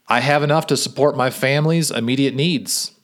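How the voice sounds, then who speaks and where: A man reading a story aloud and voicing an easygoing adult male fisherman, in a gentle, unhurried way. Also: mid-range voice, natural voice. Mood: content, puzzled.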